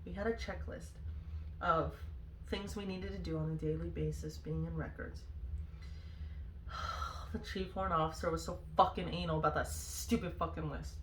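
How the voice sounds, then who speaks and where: A woman's voice: fairly low pitch, moderate pace, long pauses, slight background noise. A woman, a former Marine, telling stories in a candid, exasperated, freely swearing vlog style. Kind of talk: casual storytelling vlog. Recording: roomy echo.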